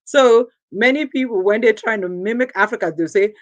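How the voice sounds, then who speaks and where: A woman's voice: on the high side, moderate pace, no echo. A woman from Nigeria hosting a show, giving an earnest, emphatic motivational talk and repeating phrases for stress. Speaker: host.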